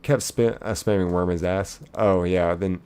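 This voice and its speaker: A man's voice: sits low, fairly even intonation, measured pace, dark tone, clear, resonant tone. A man streaming live, casually reading viewers' chat messages aloud in a chipper lilt and chatting back.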